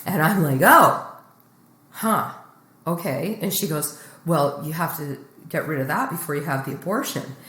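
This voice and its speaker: A woman's voice: low-pitched, moderate pace, roomy sound. A middle-aged woman comedian telling a candid story in a blunt, joking way. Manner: blunt, joking, animated retelling. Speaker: guest comedian.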